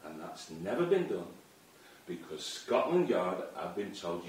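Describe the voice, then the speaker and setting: A man's voice: low voice, sing-song, takes it slowly, long pauses. A man ranting angrily to camera in an unscripted, profane tirade, accusing someone directly. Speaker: online commentator. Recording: very echoey room, far from the mic.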